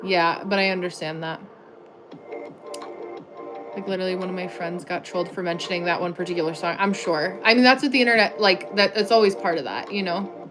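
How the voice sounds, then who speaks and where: Over music, a young American livestream host speaks fairly quickly in a fairly low voice with fairly even intonation. Wearing a clip-on mic, she reads her viewers' comments aloud and answers them casually, packing in "like" fillers.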